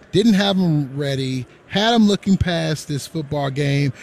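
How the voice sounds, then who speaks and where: Husky ex-player giving earnest analysis. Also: male voice, a little high, a little mellow. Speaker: former football player. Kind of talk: interview analysis.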